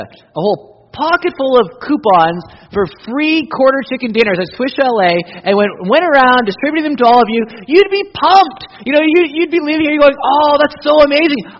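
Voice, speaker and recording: A male pastor, preaching an animated sermon that moves between loud emphasis and hushed intensity. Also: extremely high pitch. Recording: dull audio with long hall reverb.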